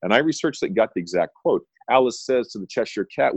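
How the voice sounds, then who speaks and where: On a rough recording with no room sound, a middle-aged man speaks quickly in an animated, fairly low voice that's a little mellow and husky. He's an attorney guesting in an interview, telling stories with emphatic phrases repeated for punch.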